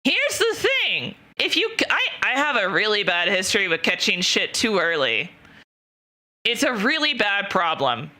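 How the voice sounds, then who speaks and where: A woman's voice: medium pitch, big pitch swings, moderate pace, pushed and bright. A young woman streamer telling a personal story in casual chat, rambling with lots of fillers and frequent swearing.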